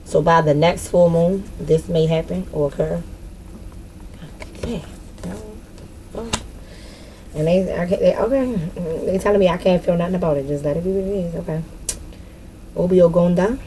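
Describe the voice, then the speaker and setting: A woman's voice: lowish voice, steady tone, normal speed, long pauses, noisy background. A woman giving a casual spiritual card reading, talking frankly and cursing freely.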